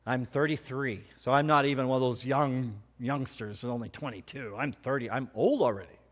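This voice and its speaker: A middle-aged man preaching a sermon, telling personal stories with animated, self-mocking humor. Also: medium pitch, a little fast. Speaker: pastor. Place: church hall. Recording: hall reverb.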